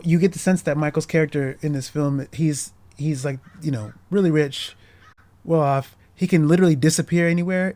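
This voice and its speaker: A man in the host's chair, talking through a film he loves in a loose, unscripted way. He stops and restarts his sentences often and leans on fillers, and he sounds sincerely moved by what he describes. His pitch sits in an ordinary middle range. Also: a little mellow, no echo. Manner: rambling, halting, many restarts and fillers; earnest, emotionally moved. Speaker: film discussion host. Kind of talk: casual film commentary.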